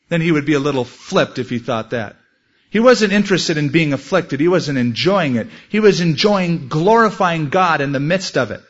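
A pastor with a slightly high, expressive voice preaches a sermon at a moderate pace. He speaks earnestly, sharing a personal story and quoting scripture and prayers. The sermon recording is dull and lo-fi.

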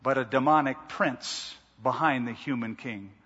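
A man preaching a sermon, reading scripture and breaking off into lively, conversational asides. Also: mid-range voice, a little slow, slightly rough. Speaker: pastor. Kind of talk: expository sermon. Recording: dull lo-fi sound with long hall reverb.

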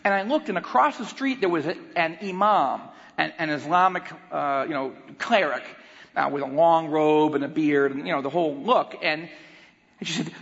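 A man preaching as a guest speaker, telling a story with animated acted-out voices. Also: a little high, normal speed, creaky. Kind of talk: sermon. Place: church auditorium. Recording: long hall reverb, dull lo-fi sound.

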